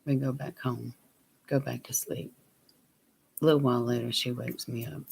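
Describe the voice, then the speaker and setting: A man telling a personal story on his vlog, plain and unhurried, sometimes dropping to a near whisper. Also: mid-range voice, flat delivery, creaky, husky. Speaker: vlogger.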